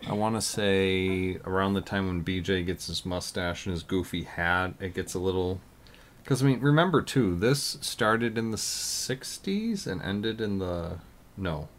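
Here a podcast co-host talks in a low-pitched, expressive voice, moving a little slowly. His chat is casual and meandering, full of fillers and restarts, and a faint hiss or hum sits under the recording.

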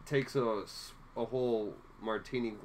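A woman co-hosting a podcast, chatting casually and recapping episodes with lively asides. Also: very deep voice, a little slow, background noise. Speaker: podcast co-host. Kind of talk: casual chat.

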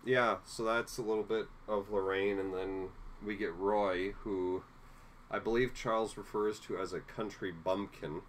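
Very low-voiced woman chatting casually. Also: a little slow, a little hiss or hum. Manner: relaxed, recaps plot with lively asides. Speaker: podcast co-host. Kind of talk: casual chat.

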